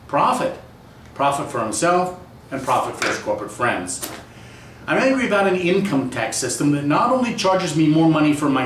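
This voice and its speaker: A man's voice: fairly high pitch, a little hiss or hum. A man speaking as a political candidate, listing grievances in an indignant, repetitive campaign speech. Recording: echoey room from far off.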